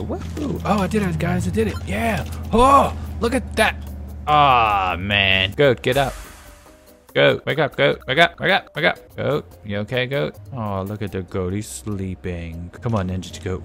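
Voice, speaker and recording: A man commentating a video game, talking animatedly to his viewers and laughing often. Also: mid-range voice. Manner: animated, talks to viewers, frequent laughing exclamations. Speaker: gameplay commentator. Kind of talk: let's play commentary. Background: game music.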